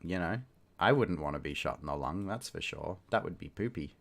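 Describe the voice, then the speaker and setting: A man's voice: deep voice, expressive, fairly quick, vocal fry. A man reading a short story aloud, with loose, chatty asides where he laughs at himself. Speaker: reader and host.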